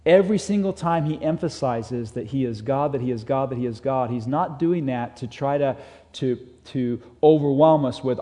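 A man preaching a sermon as a pastor, earnest, rising in intensity and then dropping to soft emphasis. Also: medium pitch, moderate pace. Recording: long hall reverb.

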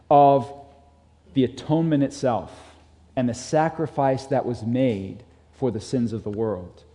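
A man's voice: fairly high pitch, mellow. A man preaching a sermon, emphatic and repeating his key phrases, reading scripture aloud to a congregation. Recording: long hall reverb.

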